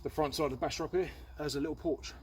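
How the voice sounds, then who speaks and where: A man casually explaining a camp setup outdoors in the woods, chatty and relaxed, with frequent fillers. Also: a little high, rapid-fire, slight background noise. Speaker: outdoor channel host.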